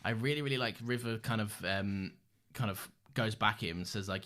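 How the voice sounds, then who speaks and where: A man's voice: lowish voice, bright, forceful tone, a little hiss or hum. A young man co-hosting a fan podcast in casual chat, joking, laughing easily and acting out lines. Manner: jokey, quick to laugh, acts out quotes. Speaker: podcast co-host.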